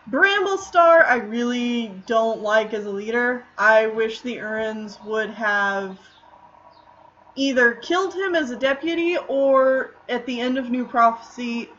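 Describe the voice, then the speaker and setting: Chatty woman streamer, slightly high voice. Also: a bit bright, dull audio. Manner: chatty, rambling with many fillers. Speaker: streamer answering chat. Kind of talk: casual chat while drawing.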